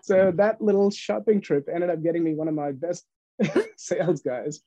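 A man, an entrepreneur guest on a podcast, telling lively stories with frequent laughs and acted-out dialogue. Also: on the high side, normal speed, dull audio, a crowd in the background. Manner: animated storyteller, laughs often, acts out dialogue. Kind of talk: casual storytelling interview.

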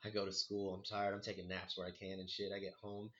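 Brief: young guy, bright forceful voice, animated and sweary, muffled lo-fi sound. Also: low-pitched, fast. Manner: animated, swearing, heavy on 'like' and 'dude'. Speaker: storyteller. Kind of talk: casual storytelling chat.

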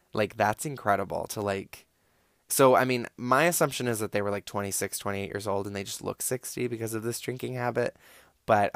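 A man's voice: fairly low pitch, creaky, dry recording, clean studio sound. A young man telling a casual, rambling story, full of "like" and swearing. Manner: rambling, filler-heavy, profane, lots of "like".

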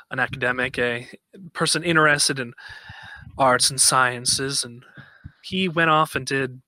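A man playing a thoughtful human starship commander, halting and searching for words. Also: mid-range voice, sharp tone, no room sound.

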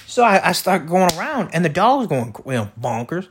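A man's voice: sits high, very animated, a little fast, a bit bright, slight background noise. A man hosting a podcast, telling rambling, profane stories about his neighbors in a casual, meandering way with lots of fillers and restarts. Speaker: podcast host.

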